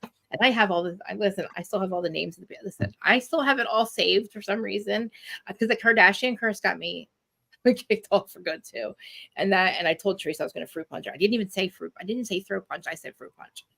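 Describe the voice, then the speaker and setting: Brash New Jersey woman podcaster, bright and forceful, rapid-fire talk. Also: mid-range voice, creaky. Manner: fast, animated, laughing, swears freely. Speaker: podcaster guest. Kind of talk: casual chat. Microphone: video call.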